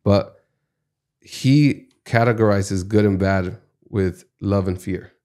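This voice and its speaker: Earnest low-voiced man. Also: takes it slowly, darkish tone. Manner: earnest, reflective, speaks in life lessons. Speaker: podcast guest, music executive. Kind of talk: conversational interview storytelling.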